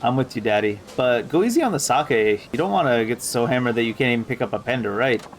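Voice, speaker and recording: A man plays a fussy talent manager in a video game who is formal and eager to please. The voice stays near an everyday mid pitch. Faint room noise sits underneath. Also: animated, fast talker, natural voice.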